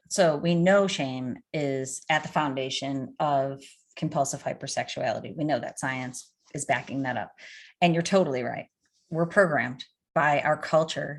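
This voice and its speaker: A middle-aged woman coach answering interview questions in an animated way, telling anecdotes. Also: deep voice. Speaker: addiction coach.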